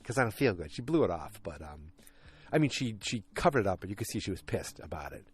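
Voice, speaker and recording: A man's voice: low-pitched, sing-song, fast talker, slightly rough. A man hosting a podcast, casually recapping an episode in a rambling, self-deprecating way with many fillers. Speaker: podcast host.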